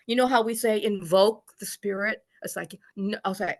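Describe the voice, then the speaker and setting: Gravelly-voiced woman sharing haltingly. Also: medium pitch. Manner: halting, full of restarts, acts out quoted scolding. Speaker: study group participant. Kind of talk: personal sharing in an online group. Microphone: video call.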